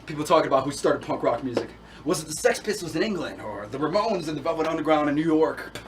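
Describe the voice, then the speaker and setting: A man reciting a film monologue as a young male punk who rants loudly and defiantly, swearing. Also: on the high side, expressive, fast talker, noisy background, natural voice. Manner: loud, defiant ranting with profanity. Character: young male punk ranting about the punk scene.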